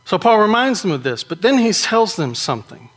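A man's voice: sits high, big pitch swings, fairly quick, fairly bright tone. Man preaching a conversational sermon. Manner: conversational, with frequent rhetorical "right?".

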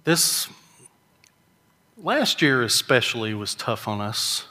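A man's voice: medium pitch, sing-song, takes it slowly, pushed and bright, big-room sound. A middle-aged man, preaching a sermon in a folksy storytelling way and mimicking characters' whining voices. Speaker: pastor.

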